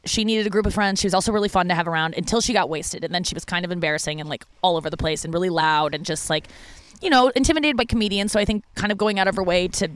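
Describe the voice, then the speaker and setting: A woman's voice: racing, smooth, dry recording. A woman stand-up comedian tells a personal story in a loose, rambling monologue. She is frank and crude, and her sentences are full of "like" and restarts. Her voice leaps up animatedly whenever she quotes someone. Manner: candid, profane, heavy use of "like" fillers; animated when quoting people, with big pitch jumps.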